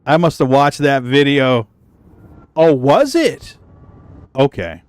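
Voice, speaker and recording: A man casually chatting with his stream viewers, telling a story in an animated, profane way and laughing easily. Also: mid-range voice, takes it slowly, smooth, no room sound. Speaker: gaming livestreamer.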